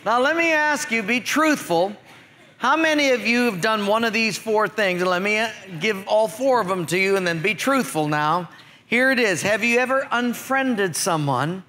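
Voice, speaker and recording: A male pastor preaching a sermon to his congregation, telling jokes and stories in an animated way. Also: high-pitched, normal speed. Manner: jokey storyteller, animated.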